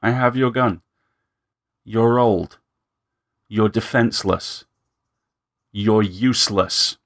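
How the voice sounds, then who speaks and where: Male reader voicing a calm, mocking thief with a deep rasp. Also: slow. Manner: mocking, taunting.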